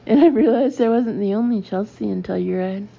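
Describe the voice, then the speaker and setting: A woman with a gravelly, darker voice reads a comic memoir aloud in a dry, deadpan manner. The audio is dull and slightly lo-fi. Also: mid-range voice, brisk. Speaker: audiobook narrator.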